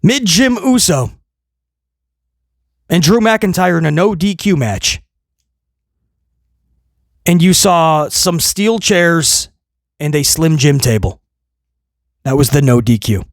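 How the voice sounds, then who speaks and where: A man hosting a wrestling review, ranting sarcastically and swinging between loud mocking outbursts and low muttering. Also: lively intonation, slow, long pauses, no room sound, studio quality. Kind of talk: opinionated review rant.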